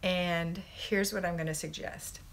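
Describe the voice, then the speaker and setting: A woman's voice: on the low side, fairly even intonation, unhurried, creaky. A middle-aged American woman hosting a casual home livestream, greeting viewers by name and giving homemaking advice in a chatty, upbeat way. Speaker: homemaking coach and livestream host.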